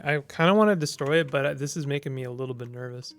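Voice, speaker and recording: A man's voice: mid-range voice, fast talker, a bit bright, faint music behind. A man casually commenting as he plays a text-based strategy game, reading its text aloud and thinking through his moves with small hesitations.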